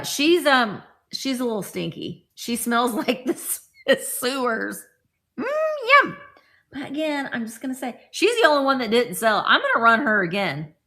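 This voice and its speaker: A woman's voice: a little high, bright, forceful tone. A woman hosting a live vintage sale, chatting casually with playful, rambling asides. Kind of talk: casual live-stream selling chat.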